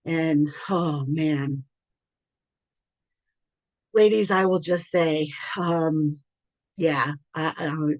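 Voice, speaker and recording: A woman business coach giving an unscripted, heartfelt thank-you talk, chatty, full of ums and quick to laugh at herself. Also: low-pitched, fairly even intonation, no echo. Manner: tearful and moved toward the end. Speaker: business coach and podcast host.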